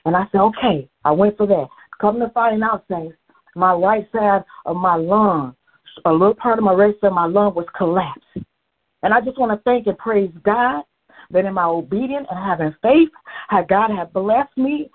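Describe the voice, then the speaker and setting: A woman's voice: medium pitch, a little fast, husky. A middle-aged woman sharing a fervent church testimony, praising and retelling events. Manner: fervent, praising, storytelling with quoted exchanges. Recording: phone-line call audio.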